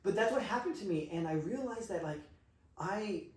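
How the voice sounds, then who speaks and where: Man, animated storyteller, swears freely, higher voice, roomy echo. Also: normal speed. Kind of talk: casual conversation. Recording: roomy, distant mic.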